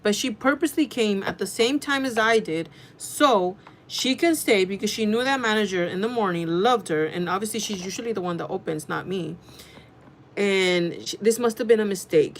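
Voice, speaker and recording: A woman telling a casual storytime vlog, chatty and animated, swearing freely and talking in quick bursts. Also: mid-range voice, slight background noise. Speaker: vlogger.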